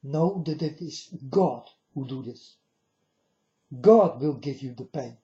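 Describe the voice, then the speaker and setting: Expressive yet slow, this medium-pitched, mellow voice belongs to a video blogger speaking solemnly to camera. He warns his audience and often refers to them as "folks," and the recording sounds dull and lo-fi.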